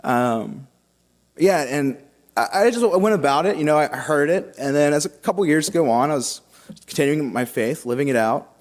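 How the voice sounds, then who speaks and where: A young man sharing his personal faith story with a congregation, halting and casual with many fillers and restarts. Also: on the high side, expressive. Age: young adult. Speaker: seminarian giving a vocation talk. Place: large church. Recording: long church reverb.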